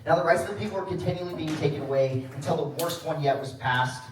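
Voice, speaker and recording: A man's voice: a little high, fairly even intonation, quick pace. Enthusiastic man emceeing, echoey classroom. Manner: enthusiastic, hypes students, laughs often. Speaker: teacher hosting a class presentation. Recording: echoey classroom from far off, loud chatter and noise.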